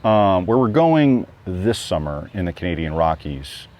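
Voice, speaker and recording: A man's voice: low voice, big pitch swings, unhurried, darkish tone. A man being interviewed about a trip, talking casually and rambling with lots of fillers and restarts. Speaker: guest hiker. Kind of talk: casual chat.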